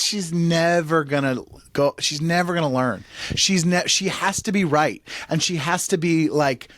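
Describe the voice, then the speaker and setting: A man's voice: on the high side, fairly bright tone, dry recording. A man in his thirties hosting a comedy podcast, ranting with exasperated sarcasm and swearing. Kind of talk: casual comedic chat.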